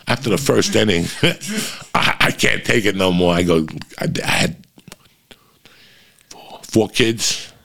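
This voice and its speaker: A middle-aged man hosting a show, telling a story in casual, profane, animated chat to his listeners. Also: low voice, creaky. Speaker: podcast host.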